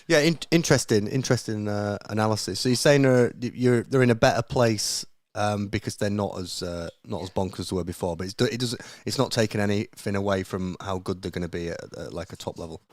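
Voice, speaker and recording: A man's voice: fairly low pitch, quick pace, few pauses. A man commentating a live tabletop game stream, hesitating and reading rules aloud.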